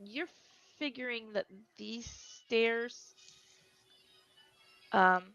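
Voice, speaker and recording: A woman's voice: on the high side, very slow, fairly bright tone, dry recording, soft background music. A woman narrating as game master of a tabletop game, hesitant with many fillers, on a dry lo-fi recording.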